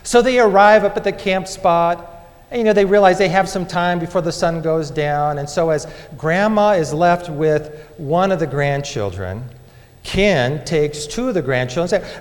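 A man preaching a sermon as a dramatic story, moving between loud and hushed delivery. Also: fairly high pitch, big pitch swings, normal speed. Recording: long hall reverb.

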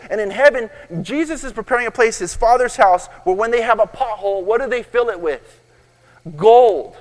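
A man preaching a sermon as pastor, telling jokes and asking the crowd questions. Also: high voice. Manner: storytelling, joking, asks the crowd questions. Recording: echoey hall.

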